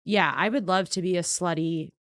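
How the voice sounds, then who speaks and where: A young woman co-hosting a podcast, reacting quickly with jokes and a lot of affirming noises. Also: on the low side, steady tone, fairly bright tone. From New York. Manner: quick reactive quips, many backchannels. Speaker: podcast co-host. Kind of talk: casual comedic chat.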